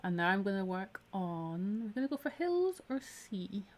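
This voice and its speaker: A very animated Scottish woman with a medium-pitched, darkish voice leads a live needle felting tutorial at a moderate pace. She chats and encourages while working on the craft, even though her voice is slightly tired from a week of talking.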